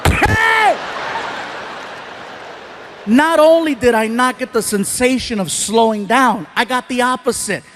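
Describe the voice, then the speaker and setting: Male stand-up comic, high voice, animated storyteller with loud outbursts. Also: normal speed, hardly any pauses. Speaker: stand-up comedian. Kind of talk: stand-up comedy routine. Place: stage before a live audience.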